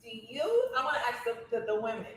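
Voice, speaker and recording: A woman's voice: fairly high pitch, fast, a bit bright, far from the mic, slight background noise. A woman guest on a casual podcast, playful and frank, laughing as she talks. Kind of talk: casual after-dark podcast chat. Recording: very echoey room.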